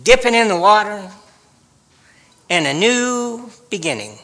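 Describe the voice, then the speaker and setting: A man voicing a gentle teacher calling from a beach, coaxing and inviting. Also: sits high, lively intonation, unhurried, big-room sound, heavily acted.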